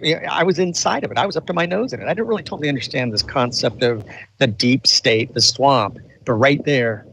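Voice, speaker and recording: A man's voice: medium pitch, a bit bright, slight background noise, rough recording. An older man, a retired colonel, telling a story in an interview with intensity and emphasis, often restarting his sentences. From United States. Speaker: guest, retired colonel and author.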